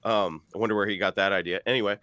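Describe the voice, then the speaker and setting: A man's voice: fairly low pitch, steady tone, racing, bright, forceful tone, no room sound. A man hosting a casual livestream chat, joking and laughing often. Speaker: livestream host.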